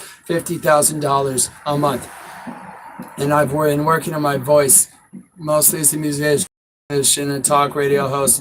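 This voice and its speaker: A man's voice: fairly high pitch, background noise. A man giving blunt, profane dating advice as a coach, talking casually to the camera outdoors. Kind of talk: casual instructional talk to camera.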